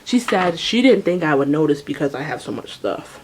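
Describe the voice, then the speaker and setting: A young woman vlogger telling a storytime tale in a lively way, acting out voices and sounds. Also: deep voice, a little fast, slight background noise. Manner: animated, acts out voices and sounds. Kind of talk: storytime vlog.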